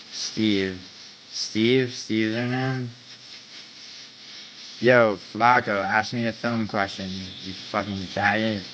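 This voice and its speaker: A man's voice: lowish voice, sharp tone, dull audio, a little hiss or hum. A man hosting a livestream in casual chat with his viewers, brash and profane, trash-talking and bragging. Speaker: livestream host.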